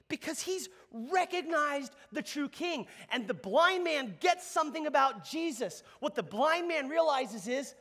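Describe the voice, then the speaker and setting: Man preaching, bright lively voice, conversational sermon, call-and-response. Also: very high voice, a little slow, hardly any pauses. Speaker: pastor.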